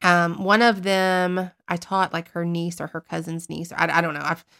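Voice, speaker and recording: A woman co-hosting a casual podcast about paranormal investigation, telling her stories in a chatty, animated way and poking fun at herself. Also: on the low side, moderate pace, vocal fry. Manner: chatty, animated storytelling, self-mocking. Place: based in Northeast Florida.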